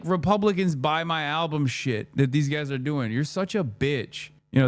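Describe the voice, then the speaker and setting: A man's voice: on the high side, lively intonation, moderate pace, hardly any pauses, no echo. A man streaming his reactions to clips, mocking and heated, swearing often and laughing at what he watches. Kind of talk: profane reaction commentary.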